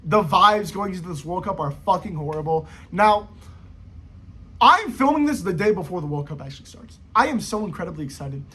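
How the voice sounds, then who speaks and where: A young man with a husky, rather high voice rambles through a profane football rant. His slangy talk swings up and down in pitch as he goes. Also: animated, fairly quick, bright, forceful tone. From United States. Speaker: football vlogger. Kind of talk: casual rant to camera.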